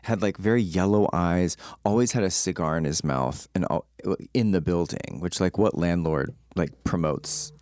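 A young man telling a story in casual chat, rambling and animated, his voice jumping up when excited. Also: low voice, normal speed, few pauses, no echo.

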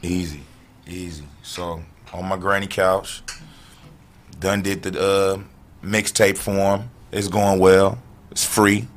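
A man telling stories in an animated, profane way as a podcast guest in a casual chat. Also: deep voice, takes it slowly, a little hiss or hum.

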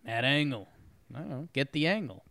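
A man co-hosting a casual sports podcast, easygoing and rambling, and quick to laugh. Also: medium pitch, lively intonation, pushed and bright, no room sound, clean studio sound. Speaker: podcast co-host.

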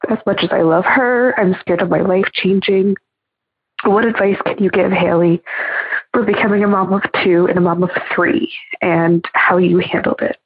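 Canadian mom calling in, teary and shaky, husky voice, tinny phone sound. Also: female voice, lowish voice, fairly even intonation, moderate pace, no echo. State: emotional, near tears. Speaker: caller. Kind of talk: voicemail question. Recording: phone line.

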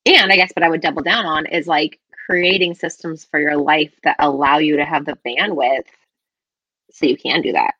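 A woman in her thirties co-hosting a casual chat, animated and laughing often, with frequent filler words. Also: sits low, moderate pace, slightly rough, no echo, dull audio. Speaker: podcast co-host.

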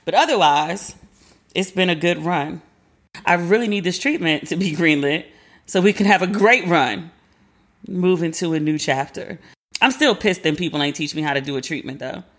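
A woman in her forties hosting a podcast, chatting casually and animatedly, slangy, acting out quoted people in a higher voice. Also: lively intonation, moderate pace. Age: 40s. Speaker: podcast host. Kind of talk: casual chat.

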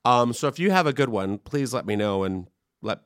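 A man hosting a podcast, telling a chatty, animated story in casual conversation. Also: medium pitch, moderate pace, dry recording, studio quality. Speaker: podcast host. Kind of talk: casual chat.

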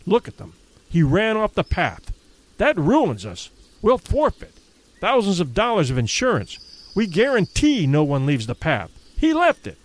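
A man voicing a furious male time-safari guide who barks orders and shouts, his voice leaping high in anger. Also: huge pitch swings, a little slow, exaggerated voice.

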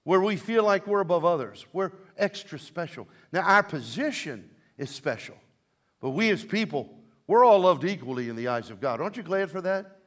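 A man preaching a sermon as pastor, swinging between loud emphasis and quiet asides, and leading his congregation in call and response. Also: high voice, expressive, normal speed.

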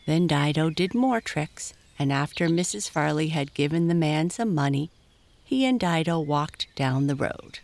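Lady reading a kids' story, low voice, slow, lots of ups and downs. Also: dry recording. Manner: slow and lively, acting out the voices. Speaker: narrator.

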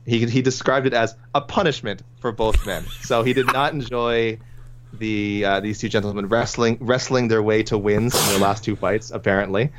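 A man's voice: lowish voice, steady tone, moderate pace, background noise. A man co-hosting a casual sports podcast, reading listener picks aloud with frequent chuckles and restarts. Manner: chatty, chuckling, many restarts. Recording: dull lo-fi audio.

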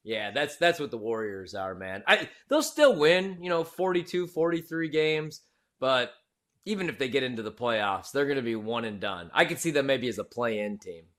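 An opinionated man co-hosting a sports betting show, with an average-pitched voice. He talks in casual slang and makes emphatic calls. His delivery is loose and conversational. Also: very animated, moderate pace, a bit bright.

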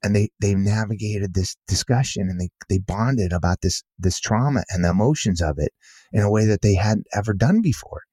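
A man's voice: on the low side, moderate pace, dark tone, husky, no echo, studio quality. A middle-aged man, a guest author, telling stories in an earnest, casual way, repeating himself and saying "you know" often. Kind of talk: casual conversational storytelling.

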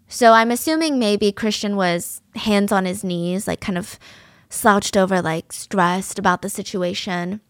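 A woman's voice: mid-range voice, a little slow, dry recording, studio quality. Earnest woman narrating a true-crime podcast. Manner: earnest and descriptive, reads out quotes from audio.

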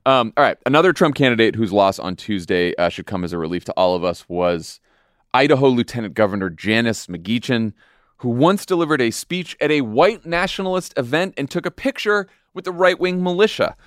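A man's voice: mid-range voice, lively intonation, fairly quick, dry recording, clean studio sound. A man hosting a podcast, talking politics in a conversational, wry way. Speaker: podcast host. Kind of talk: casual political chat.

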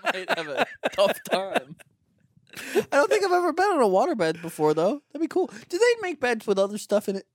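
A playful young man in loose podcast banter. His voice bounces around in pitch as he laughs and hunts for words. The sound is close and dry. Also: sing-song, moderate pace, dry recording. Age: young adult. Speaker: podcast co-host. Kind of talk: casual chat.

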